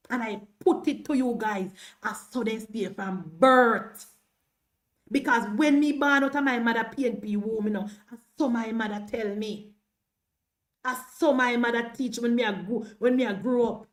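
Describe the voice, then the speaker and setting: A Jamaican woman in her thirties giving impassioned political commentary on a livestream, slipping into patois as she talks. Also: a little high. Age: 30s. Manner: impassioned, mixes patois into speech.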